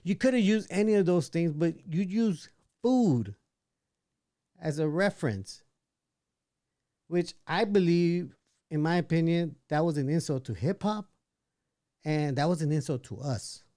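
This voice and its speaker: With a slightly high, warm voice, this livestream podcast host reads out chat messages and shares his views, frequently restarting. He speaks at a measured pace with long pauses, and the recording is clean studio sound with no room echo.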